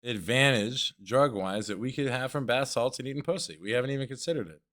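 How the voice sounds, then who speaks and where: A man's voice: medium pitch, brisk, a bit bright, no room sound, studio quality. A man hosting a crude comedy podcast, bantering casually, laughing often and acting out quotes. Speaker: podcast host.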